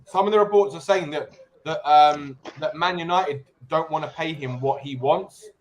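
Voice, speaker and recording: Guy chatting, pushy, says things twice, slightly high voice. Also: moderate pace, a little hiss or hum. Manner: insistent, repeats himself. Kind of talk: casual chat.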